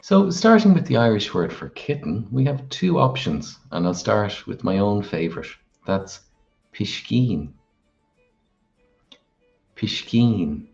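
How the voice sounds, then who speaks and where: Deep voiced guy teaching vocab real slow, says every word twice, kinda dull sound, soft music under it. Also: vocal fry. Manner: slow, deliberate, repeats each word. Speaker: language teacher. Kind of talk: language lesson with repeated pronunciations.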